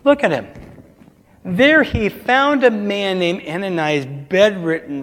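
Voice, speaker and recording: A man's voice: high-pitched, slow, fairly bright tone, big-room sound. A man preaching a sermon as pastor, asking the congregation call-and-response questions.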